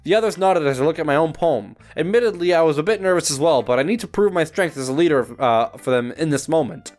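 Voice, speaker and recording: A young man reads a visual novel aloud for his gaming channel, his voice bright in pitch and swinging widely up and down. He trips over words, laughs at his own slips and swears casually. Faint music plays underneath. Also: lively intonation, fast. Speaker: gaming YouTuber.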